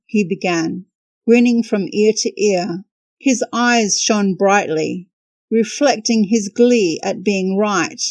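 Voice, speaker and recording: Slow, wry woman telling a travel story. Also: mid-range voice, a little mellow, dry recording. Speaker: podcast host and storyteller. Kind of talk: scripted travel narration.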